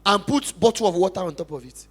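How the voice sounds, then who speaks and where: A young adult pastor from Nigeria with a Nigerian accent, giving an emphatic, passionate sermon testimony in church. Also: male voice, high-pitched, expressive, fast, faint music behind. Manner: emphatic, passionate preaching with big swings in loudness.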